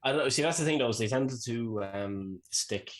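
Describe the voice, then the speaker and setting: A man's voice: mid-range voice, a little fast. A man co-hosting a casual podcast, laid-back and playful, laughing often. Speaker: podcast co-host. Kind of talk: casual chat.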